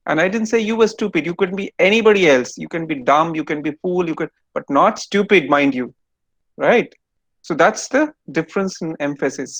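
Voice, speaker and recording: A man's voice: fairly high pitch, no echo. A man giving an online lecture to students over a video call, explaining step by step and quizzing them.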